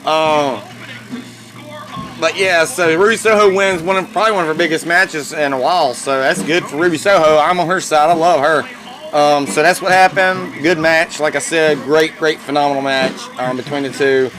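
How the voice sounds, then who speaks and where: A man hosting a casual wrestling review podcast, rambling excitedly and swearing freely as he reacts. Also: a little high, normal speed, faint music behind.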